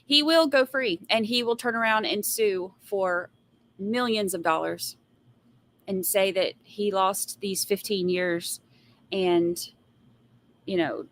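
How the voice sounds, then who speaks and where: A young woman chatting casually on a live commentary stream, sassy and opinionated. She talks bluntly to her viewers and breaks into exasperated sighs when something annoys her. Her voice sits at an ordinary middle pitch for a woman. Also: fairly bright tone, slight background noise. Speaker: trial commentary livestream host.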